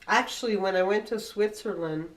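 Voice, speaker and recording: Female co-host, Canadian French accent, sits back from the mic, animated and encouraging. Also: mid-range voice, moderate pace, far from the mic. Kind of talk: casual chat.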